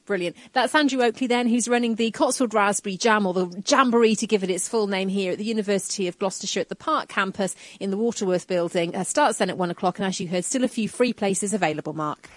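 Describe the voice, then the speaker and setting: A woman's voice: mid-range voice, fast talker, few pauses, no echo. A woman radio reporter interviewing on a university campus, chatty and full of "kind of" and "you know".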